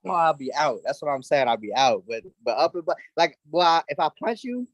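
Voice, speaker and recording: A man co-hosting a live show, bantering in an animated, boastful, colloquial way. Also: on the high side, fairly quick, crowd noise, low-quality recording. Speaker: co-host. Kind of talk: casual banter.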